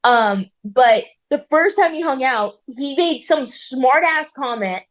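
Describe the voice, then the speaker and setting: A young woman with a high voice, chatting casually as a guest on a talk show. She rambles with lots of "like" and laughs often as she talks. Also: lively intonation, slow pace. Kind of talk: casual chat.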